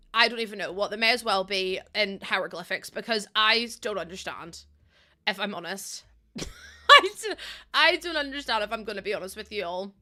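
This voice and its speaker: During a live game stream, a tired young woman chats casually with her viewers, giggling and rambling as she plays. Her mid-range voice sounds pushed and bright.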